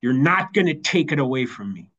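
A man's voice: mid-range voice, very animated, a bit bright. Guy telling his recovery story at an online meeting, stumbles and repeats words, kinda dull lo-fi sound. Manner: halting, repeats words while finding them. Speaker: keynote speaker at a recovery meeting. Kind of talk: personal recovery share.

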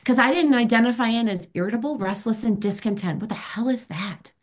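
A woman's voice: a little high, fairly quick. A woman, sharing her recovery story at a meeting in a candid, emphatic, chatty way. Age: 50s. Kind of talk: personal recovery share.

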